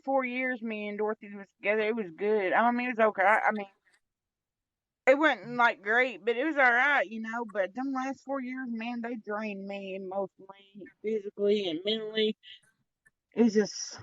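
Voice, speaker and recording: A woman's voice: a little high, moderate pace, a bit bright, no echo. A woman, talking casually in a rambling, reflective way. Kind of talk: casual chat. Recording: dull, lo-fi sound.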